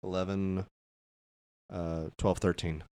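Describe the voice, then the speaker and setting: A man with a lowish voice plays a tabletop game in casual chat. He is eager and talks through each move aloud as he makes it. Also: level tone, slow, warm tone. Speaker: player.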